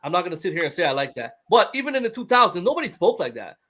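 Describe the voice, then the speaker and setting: Podcast co-host, man with a high voice who talks animatedly. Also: very fast. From Toronto, Canada. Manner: animated, repeats words when starting a thought. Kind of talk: casual chat.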